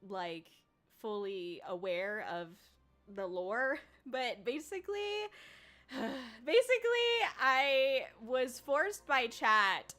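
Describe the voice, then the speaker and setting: A young woman streaming, chatting casually with her viewers, laughing often and breaking into squealing shouts. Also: fairly high pitch, sing-song, slow pace. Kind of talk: casual livestream chat. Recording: faint music behind.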